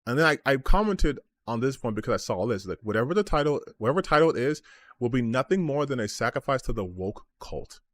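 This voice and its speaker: A man's voice: mid-range voice, sing-song, fast, a bit bright, dry recording. A man streaming as a gaming commentator, ranting about online comments with sarcasm, exasperation and frequent swearing.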